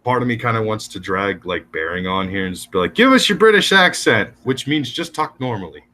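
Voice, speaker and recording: A man joining a stream as a guest, trading crude, deadpan mock insults. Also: deep voice, brisk. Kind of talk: casual crude banter.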